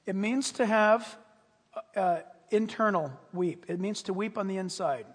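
A male pastor delivering a sermon with a husky, fairly high voice. He preaches dramatically, swinging from near-shouts to quiet asides. His voice rings with the long reverb of a large church hall. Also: measured pace.

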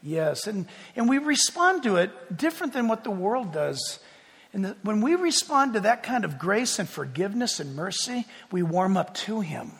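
A man preaching as a pastor, animated, moving from hushed tones to loud calls. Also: sits high, moderate pace, creaky, breathy edge. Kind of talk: sermon. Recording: long reverb of a large hall.

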